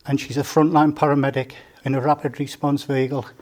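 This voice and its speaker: A man's voice: mid-range voice, little pitch movement, fast talker, a little mellow. A man, giving a joking, story-filled father of the bride speech at a wedding reception. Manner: joking, storytelling, teasing the groom. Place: indoor wedding reception room.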